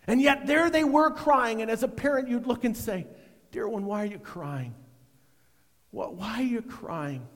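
A middle-aged man preaching a sermon, swinging between loud emphasis and hushed, almost whispered lines. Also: sits high, long reverb tail. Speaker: pastor.

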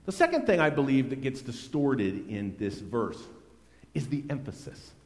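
A man preaching a sermon as a pastor, earnest and conversational, with strong swings between loud and soft. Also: mid-range voice, sing-song, normal speed, long reverb tail.

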